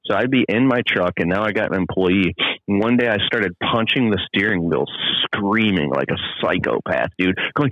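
Man, podcast guest on the phone, intense, profane, storytelling, deep voice, dry muffled line. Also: moderate pace, no room sound. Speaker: guest, landscaping business owner. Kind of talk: casual podcast chat.

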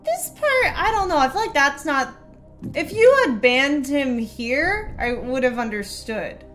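A woman's voice: sits high, animated, measured pace, a bit bright, soft background music. A young woman streamer reading viewer messages aloud and answering them with sarcastic, casual commentary. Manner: sarcastic, reads messages aloud in mocking voices.

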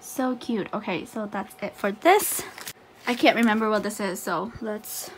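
A woman vlogger chatting casually through an unboxing, gushing and excitable with frequent laughs. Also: medium pitch, unhurried, a little hiss or hum.

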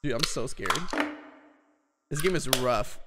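A man's voice: medium pitch, a little slow, heavy background noise. A man streaming a horror game, talking to his chat and shrieking whenever something scares him. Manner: excitable, shrieks when scared. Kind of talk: live gameplay commentary.

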